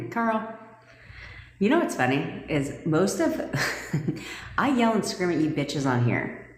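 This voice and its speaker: A woman's voice: on the low side, sing-song, slow pace. A woman manifestation coach talking casually on a livestream, blunt and profane and laughing often. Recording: echoey room with long reverb.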